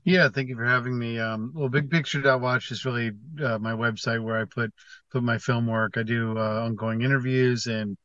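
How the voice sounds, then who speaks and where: A man being interviewed as a documentary filmmaker, answering in a steady, matter-of-fact way. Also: fairly low pitch, no echo, muffled recording.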